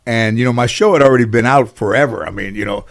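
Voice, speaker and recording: Fast and medium-pitched with vocal fry, this interview guest tells long anecdotes in a casual conversation. He rambles, restarts, and fills gaps with fillers, growing animated as he plays out the people he quotes.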